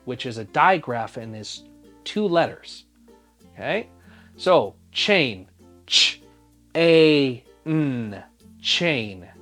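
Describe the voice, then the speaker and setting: A teacher giving a phonics spelling lesson for young children, sounding out each letter patiently and asking the listener to spell along. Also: medium pitch.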